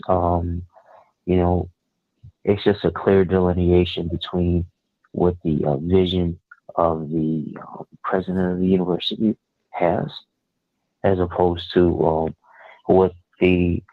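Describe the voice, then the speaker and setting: A man calling in as guest co-host, speaking in a measured, halting way with many fillers over a phone line. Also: low-pitched, steady tone, no echo. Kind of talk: call-in sports talk. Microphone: phone call.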